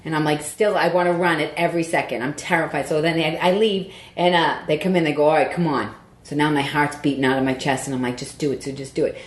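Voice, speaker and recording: A woman comedian telling a story in casual podcast chat, animated and profane, acting out the voices she quotes. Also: low voice, fast talker, reverberant.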